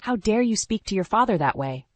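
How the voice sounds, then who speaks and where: A woman's voice: lowish voice, big pitch swings, brisk, darkish tone, no echo. A woman voicing an indignant, possessive older mother-in-law in a narrated story.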